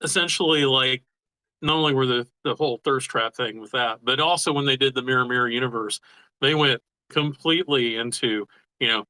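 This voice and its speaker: A man's voice: mid-range voice, a little fast, bright, forceful tone, no room sound, rough recording. A man co-hosting a podcast, chatting casually and agreeably with chuckling banter. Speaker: podcast co-host. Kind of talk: casual chat. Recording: dry close sound.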